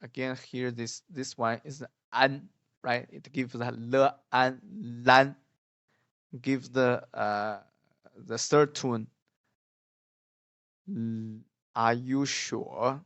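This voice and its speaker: Male language teacher, slow and halting, belts out example tones; dull lo-fi sound. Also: medium pitch, fairly even intonation, no echo. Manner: halting, many fillers and repeats, demonstrates tones loudly. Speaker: Mandarin teacher. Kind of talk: language lesson.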